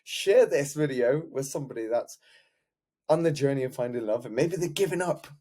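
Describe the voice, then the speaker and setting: A man's voice: medium pitch, animated, moderate pace, dark tone. A man speaking as a love coach, giving an earnest, heartfelt motivational talk to camera and repeating key words.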